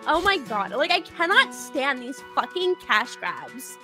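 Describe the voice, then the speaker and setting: An exasperated young Valley Girl woman, played by a woman, in a parody Valley Girl accent, ranting with 'like' and 'literally' at every turn. Her high voice swings widely, and music plays behind her. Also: sing-song, unhurried.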